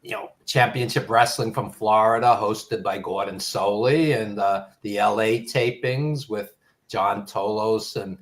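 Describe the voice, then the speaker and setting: A man's voice: fairly low pitch, a little slow. An older man with a Brooklyn accent, a podcast guest telling nostalgic stories in a rambling way full of ums. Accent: Brooklyn New York. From New York. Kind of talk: casual storytelling.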